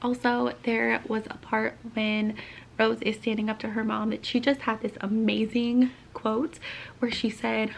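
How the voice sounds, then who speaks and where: A young woman chats excitedly about her current read, her voice set a little high. She gushes and often slips into soft, half-whispered asides. A faint hiss of room noise sits underneath. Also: measured pace, gravelly, poor audio. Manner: gushing, chatty, drops to half-whispered asides. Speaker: book vlogger. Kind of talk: casual reading-vlog chat.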